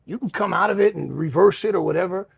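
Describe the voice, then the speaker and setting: A man's voice: sits high, fast talker. A man co-hosting a podcast, talking frankly and profanely with a self-mocking streak. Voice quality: gravelly. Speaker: podcast co-host. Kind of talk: candid podcast chat.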